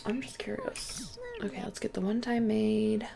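A woman's voice: mid-range voice, steady tone, normal speed, gravelly. A woman hosting a let's play, chatting casually through her gameplay, often exclaiming and talking to the characters on screen.

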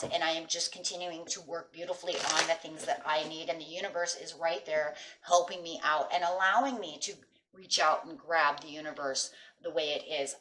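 In an echoey room and far from the microphone, a middle-aged woman with a fairly low, fairly bright voice reads tarot in a chatty way. She's emphatic, speaks right to her viewers, and keeps asking "right?"

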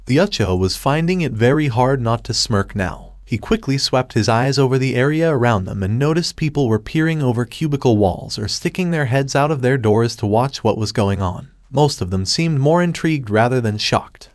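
A man narrating a fan-fiction story in a steady, even reading voice. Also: mid-range voice, moderate pace, few pauses, no echo, studio quality.

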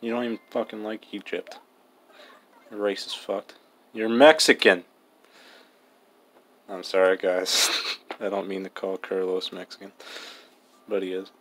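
A man's voice: low-pitched, little pitch movement, moderate pace, long pauses, slight background noise. A young man giving casual, joking gameplay commentary, mumbling and swearing freely. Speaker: gaming vlogger.

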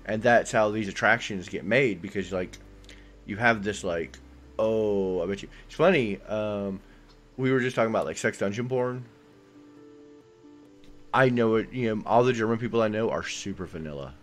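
Low-voiced man joking on a podcast. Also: moderate pace, faint music behind. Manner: animated, jokey, acts out quoted voices. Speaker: podcast co-host. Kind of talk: casual podcast chat.

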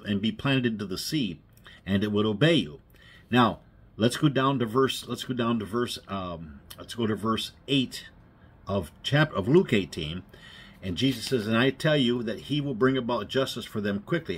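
A male preacher delivers a casual sermon with a husky, slightly rough voice. His pitch swings widely as he talks, and he keeps it conversational and folksy, checking in with his listeners for amens. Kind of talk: informal sermon.

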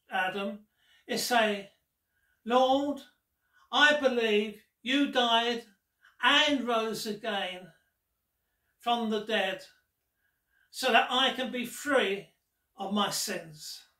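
Man voicing Jesus in a storytelling sermon; gentle, slow, earnest, roomy distant sound. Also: very high voice, heavily acted. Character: gentle male Jesus speaking kindly. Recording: roomy echo, distant mic.

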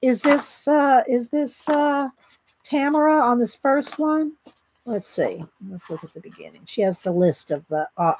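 A woman's voice: fairly high pitch, a little mellow. A woman vlogger chatting casually as she pages through a book, thinking aloud with the odd tease. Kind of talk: casual chat showing a book.

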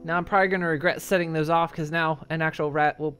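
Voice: medium pitch, steady tone, fast talker, fairly bright tone. Curious muttering let's play commentator. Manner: curious, muttering, casually swearing. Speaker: gamer. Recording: voice over game music.

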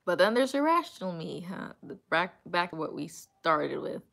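Woman streamer, lowish voice with gravelly fry and a bright edge, candid, reads chat. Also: big pitch swings, normal speed. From New England. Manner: candid, answers viewer comments aloud. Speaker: livestreamer reading chat. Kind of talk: casual livestream chat. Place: underground room.

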